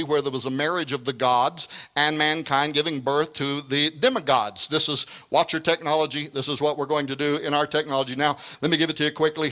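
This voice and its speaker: A man giving a lecture, speaking emphatically with dramatic stresses and quick asides. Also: fairly high pitch, pushed and bright. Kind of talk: lecture with read-aloud quotations.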